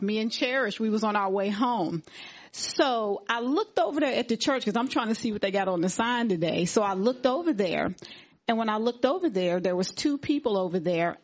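A woman sharing a testimony at a church service, retelling a conversation and acting out what each person said. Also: on the high side. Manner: animated retelling, acting out quoted dialogue. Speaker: congregation member giving testimony. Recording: dull lo-fi recording.

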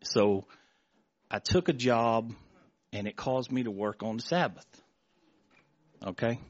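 A middle-aged man giving an emotional, halting testimony before a congregation, often repeating words and restarting his sentences. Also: medium pitch, lively intonation, no room sound, lo-fi sound. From Florida. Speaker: church member giving testimony.

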